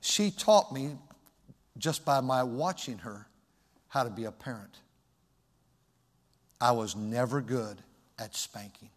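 A middle-aged pastor preaches a sermon from the pulpit at an ordinary male pitch. His delivery is personal and conversational, with pauses and restarts. A long church reverb trails after his voice.

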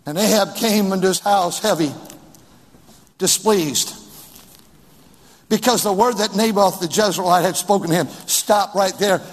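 A man's voice: sits high, a little slow, long pauses, breathy edge, long reverb tail. A male preacher delivering a sermon, emphatic and repetitive, reading scripture and scolding his listeners.

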